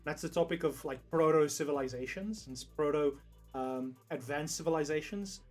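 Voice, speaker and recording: A young South African man chats casually on a livestream, rambling, laughing often and swearing freely. His voice is fairly high and darkish at a moderate pace, with faint music in the background.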